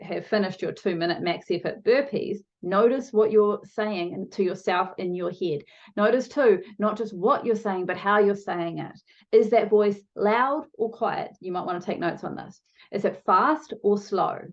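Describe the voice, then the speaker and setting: Upbeat woman coaching viewers, lo-fi sound. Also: medium pitch. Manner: lively, talks to viewers directly, shifts pace for emphasis. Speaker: online challenge coach. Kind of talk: motivational video lesson.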